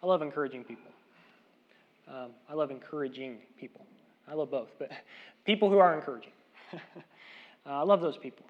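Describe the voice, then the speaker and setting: A man preaching a sermon in an earnest way, repeating key phrases and swinging between loud emphasis and quiet asides. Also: a little high, fairly quick, long pauses. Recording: dull, lo-fi sound.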